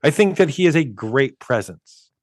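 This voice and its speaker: A man's voice: on the high side, animated, moderate pace, no room sound, studio quality. A man co-hosting a movie podcast in casual chat, rambling with many restarts and chuckles. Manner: rambling, restarts often, chuckles while talking. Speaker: podcast co-host.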